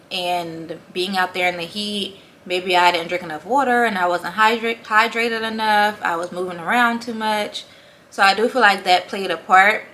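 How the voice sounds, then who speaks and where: A young woman talks through a casual vlog update, her voice bright and forward, a little short of breath. She laughs easily between thoughts, and a faint hum of room noise sits behind her. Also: medium pitch. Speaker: vlogger.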